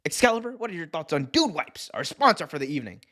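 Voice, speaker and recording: A man's voice: on the high side, very animated, fast talker, pushed and bright, pitched above the performer's own voice. A man imitating a polished television wrestling announcer with a formal broadcast tone.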